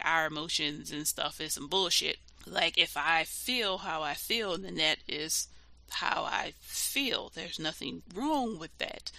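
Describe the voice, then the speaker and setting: Blunt, profane podcast host with a bright voice. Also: mid-range voice. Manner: blunt and profane, heated and emphatic; loose conversational filler talk. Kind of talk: solo podcast monologue.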